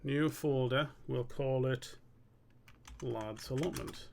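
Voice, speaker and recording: A young man chatting live while he works on a cartoon, rambling and swearing as he thinks aloud. His voice has a gravelly, creaky edge at a middling pitch. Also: fairly even intonation, slow pace, slight background noise. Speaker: streamer and animator. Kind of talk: casual live-stream chat.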